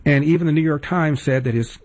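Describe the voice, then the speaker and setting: A man's voice: fairly high pitch, fairly quick, a little mellow. A man hosting a political commentary show, talking in a sarcastic, indignant way. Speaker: host.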